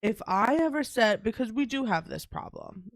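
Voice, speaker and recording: A woman's voice: a little high, big pitch swings, normal speed, creaky. A woman co-hosting a casual chat, speaking bluntly with swearing and dry humor. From New York. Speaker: podcast co-host.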